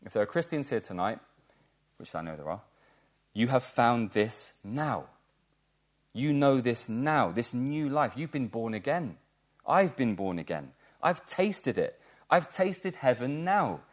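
Male preacher, mid-pitched, earnest and emphatic, church sermon. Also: very animated, unhurried. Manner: earnest, emphatic, repeats key words for stress.

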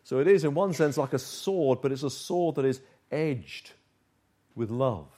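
A middle-aged man preaching a sermon, dropping to quiet low asides and rising to emphatic points. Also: animated, measured pace. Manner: shifts between soft, low asides and emphatic, raised points.

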